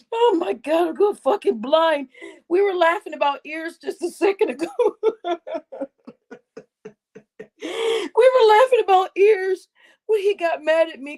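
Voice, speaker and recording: Woman streamer, high voice, giggly and profane, keeps dissolving into laughter mid-sentence. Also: a little mellow. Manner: giggly, breaks into laughing fits, swears a lot. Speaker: livestream host. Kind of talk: casual livestream chat.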